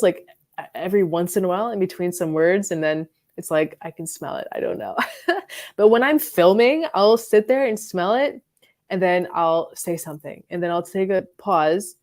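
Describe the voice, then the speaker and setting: A woman's voice: on the low side, darkish tone. A woman chatting casually on a live stream about perfumes from her bedroom, rambling with lots of fillers and giggles. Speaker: fragrance reviewer and live stream host.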